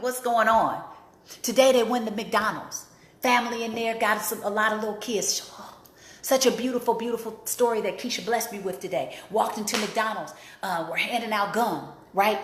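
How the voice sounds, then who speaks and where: A woman's voice: mid-range voice, fairly bright tone. A woman hosting an inspirational talk, speaking emphatically and repeating key phrases for emphasis. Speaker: host and life coach. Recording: roomy echo.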